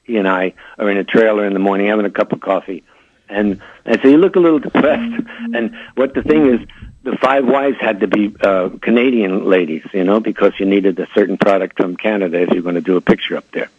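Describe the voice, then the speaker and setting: A man's voice: lowish voice, steady tone, a little fast, breathy edge, dry recording, phone-quality sound. An older man, a comedian guest, telling showbiz stories with funny put-on voices.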